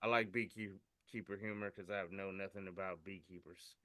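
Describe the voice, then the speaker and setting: A man's voice: low-pitched, fairly even intonation, moderate pace, bright, forceful tone, no room sound, studio quality. A man co-hosting a podcast, reading memes aloud in casual chat and tripping over his words with a giggle. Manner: stumbling, giggly reading with tongue slips. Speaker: podcast co-host.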